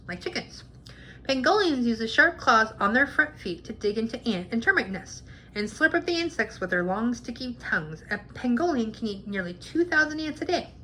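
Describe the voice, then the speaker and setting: A woman reading a children's picture book aloud in a clear, cheerful way, sharing animal facts. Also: on the high side, very animated, normal speed, bright, forceful tone, slight background noise.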